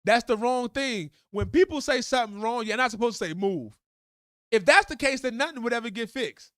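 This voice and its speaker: A man with a high voice rants on his live stream, swearing bluntly and heatedly. the sound is dry and close, with no room echo at all. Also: a bit bright. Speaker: livestream host. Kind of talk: profane live commentary rant.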